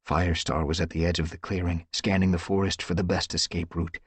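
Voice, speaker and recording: A man reading a dramatic audiobook story with expressive, dramatic storytelling. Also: low-pitched, fairly quick, breathy edge, no room sound. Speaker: audiobook narrator. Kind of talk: audiobook narration.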